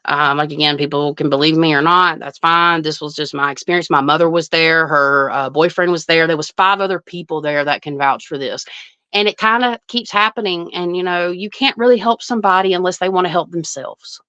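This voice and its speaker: A woman's voice: sits low, a little fast, sharp tone, clear, resonant tone, dry recording, lo-fi sound. A woman, a psychic medium guest telling a story in casual chat, earnest and emphatic. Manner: earnest, emphatic retelling with frequent restarts.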